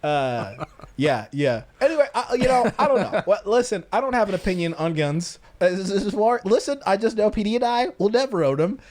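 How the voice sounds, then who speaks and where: A man hosting a podcast, telling stories in an animated, joking way in casual chat. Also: high voice, fast, hardly any pauses. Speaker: podcast host.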